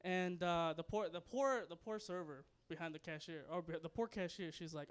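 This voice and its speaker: A man's voice: fairly high pitch, normal speed, clean tone. A young man doing a stand-up comedy set, loose and crude, rambling and laughing at his own jokes. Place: comedy club stage.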